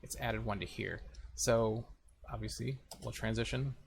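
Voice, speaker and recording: A man's voice: on the low side, fairly even intonation, measured pace, creaky, a little hiss or hum. A man casually talking through a screen-recorded editing tutorial, thinking aloud as he clicks around. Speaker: video tutorial host.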